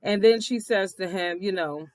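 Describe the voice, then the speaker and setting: Woman, middle pitch, blunt, profane, animated, laughs often, casual recap commentary, dry close recording. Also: normal speed, no echo. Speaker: reality TV recap vlogger.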